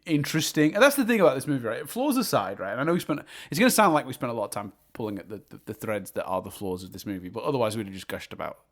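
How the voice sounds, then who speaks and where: A man's voice: medium pitch, very animated, very fast, few pauses. A man co-hosting a podcast, chatting casually about a film and laughing as he retells jokes. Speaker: podcast co-host. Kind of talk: casual film review chat.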